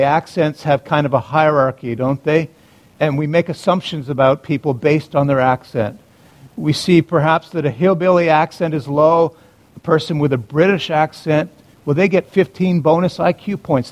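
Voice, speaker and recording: A male pastor preaching a sermon in a dramatic way, moving between urgent emphasis and hushed, quiet passages. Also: on the high side.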